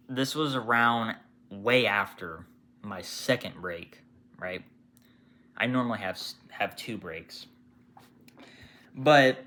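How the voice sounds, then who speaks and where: Young male retail worker venting on camera, animated and bright, heavy swearing. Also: medium pitch. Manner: profane, animated, mimics customers with sudden shouts. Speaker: retail worker telling customer stories. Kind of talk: casual storytime rant.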